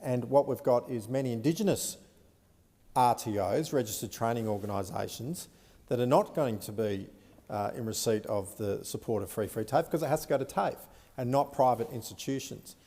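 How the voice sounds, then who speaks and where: Gravelly Australian man in a reverberant chamber. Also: medium pitch, dark tone. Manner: measured, frequent "uh" pauses. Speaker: senator. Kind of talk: parliamentary debate speech. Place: Senate chamber. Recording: long reverb of a large chamber.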